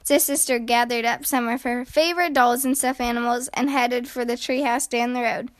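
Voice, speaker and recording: A woman reading a children's picture book aloud in a slow, gentle, expressive way. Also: on the high side. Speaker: storyteller.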